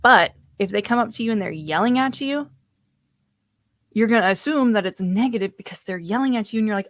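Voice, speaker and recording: Running a live online workshop, this personal development coach keeps things casual and talkative, occasionally getting lost in her notes. She speaks a little fast in a mid-range voice with lively intonation, and there's no echo.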